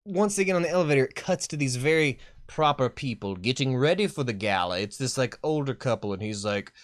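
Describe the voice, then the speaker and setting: A man's voice: medium pitch, expressive, a little fast. A man hosting a live chat, recapping a horror movie in a sarcastic, exasperated way that is full of swearing. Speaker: horror movie reviewer and host.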